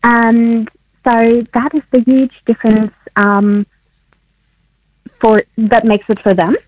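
A woman with a husky, fairly high voice explains her research and laughs often. She comes through a tinny phone line, dry with no room sound. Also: little pitch movement, slow, dry recording. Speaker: guest researcher. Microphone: phone call.

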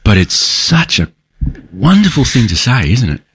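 A man's voice: medium pitch, very animated, normal speed, fairly bright tone, slightly rough. A man hosting a casual interview, chatty and encouraging with his guest. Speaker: podcast host.

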